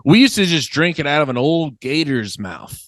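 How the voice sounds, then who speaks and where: A man's voice: on the high side, sing-song, normal speed, a bit bright, no echo. A man co-hosting a comedy podcast, joking in a dry, mock-serious, riffing way. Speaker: podcast co-host. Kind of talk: casual comedy chat.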